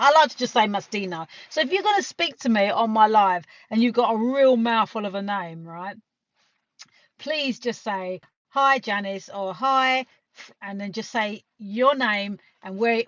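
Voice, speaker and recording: A woman's voice: a little high, fairly bright tone, no room sound. A British woman from the UK chatting casually on a live stream, rambling and swearing now and then. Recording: dull lo-fi sound.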